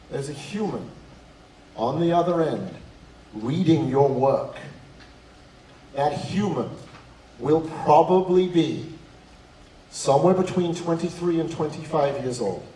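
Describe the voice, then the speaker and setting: A man giving a talk on college essays at a school event, telling stories in an animated, humorous way. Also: a little high, a little hiss or hum. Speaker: speaker on college admissions. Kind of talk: talk to students and parents. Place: school hall with audience. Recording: echoey hall from far off.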